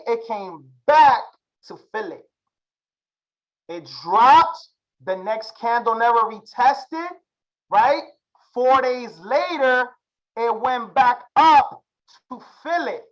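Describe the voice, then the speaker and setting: A man's voice: extremely high pitch, a bit bright, lo-fi sound. Hyped slangy male trading teacher. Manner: slangy, hyped, calls on class with repeated questions. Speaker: trading instructor. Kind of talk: live chart-reading class.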